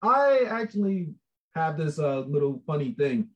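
A man chatting casually about a book project, rambling, animated and laughing often. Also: fairly high pitch, measured pace, highs cut off. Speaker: book contributor. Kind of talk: casual chat.

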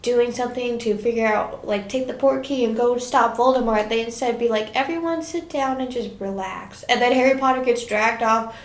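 A woman's voice: a little high, fairly even intonation, a little fast, few pauses, roomy sound. A young woman in casual chat, recapping a film with crude tangents and frequent bursts of laughter.

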